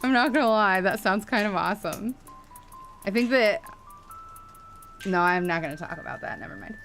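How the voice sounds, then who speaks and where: A woman streamer chatting casually with her viewers while she crochets, chatty, excitable and freely swearing. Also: mid-range voice, moderate pace, music in the background.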